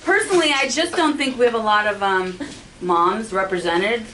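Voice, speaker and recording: A woman's voice: mid-range voice, moderate pace, fairly bright tone, rough recording. Woman comedy coach, frank and encouraging, light noise behind, casual coaching talk. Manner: blunt, candid, encouraging. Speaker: comedy class teacher.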